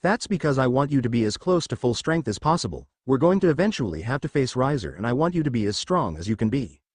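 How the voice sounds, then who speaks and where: A man voicing a confident, teasing young noblewoman in a read-aloud fan story, speaking calmly and coaxingly. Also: mid-range voice, fast talker, husky, dry recording, clean studio sound.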